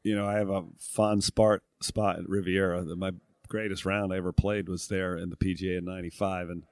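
A middle-aged New England man, once a tour golfer and now a broadcast analyst, talks as a guest in a casual interview with a low, fairly flat, slightly mellow voice at a fairly quick pace. He reflects and thinks aloud, full of fillers and restarts, and the recording has no room sound.

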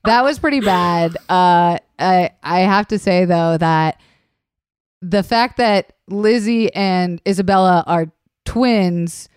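A woman's voice: fairly low pitch, slow, clean tone, dry recording, studio quality. A woman co-hosting a casual podcast chat, joking and swearing freely. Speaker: podcast co-host.

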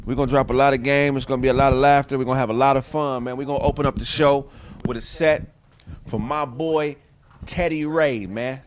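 A man's voice: mid-range voice, steady tone, fairly quick, slight background noise. A man hosting a casual comedy show, talking in a laid-back, drawling way. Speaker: show host.

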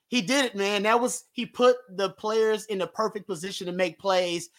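A man calling into a postgame sports talk show, speaking with emphatic, emotional fan energy. His voice is quite high and strikingly bright and forward. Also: steady tone, moderate pace. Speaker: guest analyst.

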